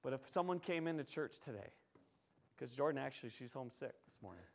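A male pastor preaching a sermon in church, telling the story in a lively, conversational way that swings between hushed and loud. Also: medium pitch, fast.

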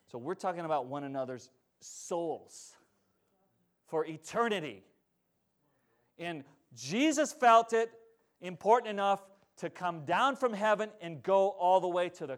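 A male pastor in full sermon, his fairly high voice rising to forceful urgency before dropping to quiet earnestness. He keeps pulling the congregation in with calls for a response. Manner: passionate preaching, swings from loud urgency to quiet earnest tones.

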